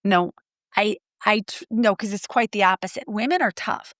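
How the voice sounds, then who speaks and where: A middle-aged woman coach telling stories in an interview, blunt and lively, acting out her clients' lines. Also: medium pitch, moderate pace, no room sound, studio quality. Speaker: guest, marriage coach. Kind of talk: animated storytelling interview.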